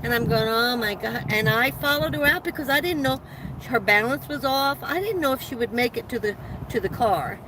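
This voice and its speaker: Chatty woman with a higher voice. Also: normal speed, background noise. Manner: chatty, rambling storytelling with frequent restarts and laughs. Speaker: livestream host. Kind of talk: casual live chat with viewers. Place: inside a parked van.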